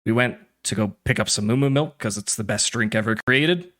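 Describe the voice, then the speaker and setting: A man voicing a stubborn older father who tells his story in halting, rambling bursts. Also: fairly low pitch, fairly bright tone, close to an everyday voice. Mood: wistful. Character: stubborn older Draconid father, wistful and gruff.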